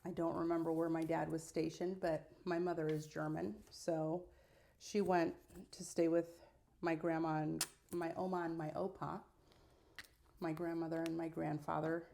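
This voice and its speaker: A middle-aged woman chatting casually in a get-ready-with-me vlog, telling her story in an unhurried way with dry little asides. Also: deep voice, flat delivery, gravelly, warm tone. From United States. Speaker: vlogger.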